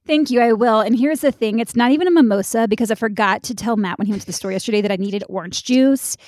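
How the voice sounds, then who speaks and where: A woman's voice: fairly high pitch, quick pace, darkish tone, no echo. Chatty woman podcast host, dry mic. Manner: chatty, laughs often, swears casually. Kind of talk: casual chat.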